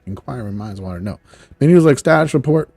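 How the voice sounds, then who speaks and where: A man's voice: on the low side, quick pace, husky, no echo, soft background music. A man recapping a cartoon episode in casual, rambling talk, acting out the characters' lines and chuckling at asides. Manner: animated storytelling, acts out characters' lines. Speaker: show reviewer.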